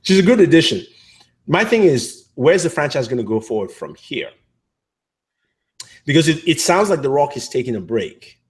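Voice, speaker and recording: A man's voice: fairly high pitch, sing-song, moderate pace, pauses often. A man co-hosting a casual movie review chat, rambling with many fillers and restarts. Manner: acts out characters' lines in quotes.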